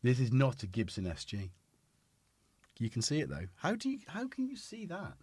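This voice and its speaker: Streamer, middle-aged, husky voice, lively swoops in pitch, rambling chat. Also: male voice, normal speed. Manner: rambling and chatty, talks to his cat. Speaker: livestream host. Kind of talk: casual livestream chat. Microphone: studio dynamic microphone.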